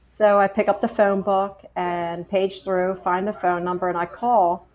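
A middle-aged woman sharing her personal faith story in a conversational interview, animated and chatty, acting out the dialogue she quotes. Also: mid-range voice, measured pace. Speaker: guest sharing her testimony.

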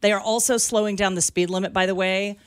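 A woman's voice: medium pitch, fairly even intonation, fast, clean tone. A woman co-hosting a radio talk show, telling stories in an emphatic, concerned way. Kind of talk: casual talk radio banter.

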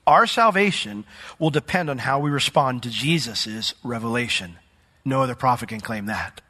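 A man's voice: medium pitch, animated, normal speed, pushed and bright, long reverb tail. A male pastor preaching a sermon in a conversational way, reading from the Bible and asking the congregation questions.

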